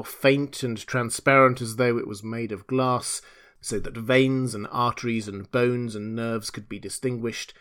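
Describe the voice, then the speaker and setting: A man reading a classic novel aloud in measured, dramatic storytelling narration. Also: medium pitch, fairly bright tone. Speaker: audiobook reader.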